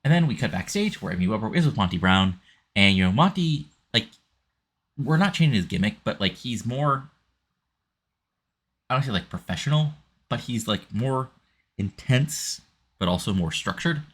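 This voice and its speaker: Deep husky guy casually talking through a wrestling game, lots of you knows. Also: lively intonation, normal speed, long pauses. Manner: rambling, many fillers. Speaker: gamer narrating a wrestling sim.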